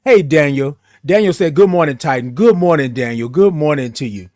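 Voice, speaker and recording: Broadcasting a morning show from his home studio, a man welcomes viewers by name with lively, drawn-out singsong greetings and casual chatter. His fairly high voice is animated and a little mellow, recorded on a studio microphone without echo.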